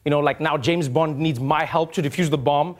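A man hosting a late-night comedy show, delivering a stand-up monologue with an animated manner and mocking voices. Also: fairly high pitch, brisk. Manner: animated, slips into mocking voices for quoted people. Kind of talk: stand-up monologue before a studio audience. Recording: studio audience noise behind the voice. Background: studio audience laughing and cheering.

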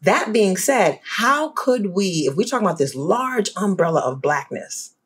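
A woman with a New Orleans accent, speaking as an academic guest in a casual panel discussion, emphatic and animated, often checking in with "right?". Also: mid-range voice, measured pace, slightly rough. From New Orleans, US South.

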